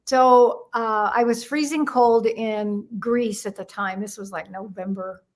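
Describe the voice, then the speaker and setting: An older woman with a fairly high voice tells her stories with lively energy. She slips into the voices of the people she quotes, and her pace swings between drawn-out and quick. She is a guest in a relaxed, chatty interview. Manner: animated storyteller who acts out quoted dialogue. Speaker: guest numerologist. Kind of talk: casual storytelling interview.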